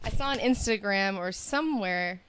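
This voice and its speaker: A woman in her thirties co-hosting a podcast, excitable and gossipy, swearing casually in chat. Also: mid-range voice, moderate pace, slight background noise. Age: 30s. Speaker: podcast co-host.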